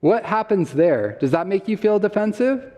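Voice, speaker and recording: Man, health talk to live audience, engaging, quizzes listeners, laughs often, slightly high voice, long church hall reverb. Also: sing-song, moderate pace, warm tone. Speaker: health summit speaker.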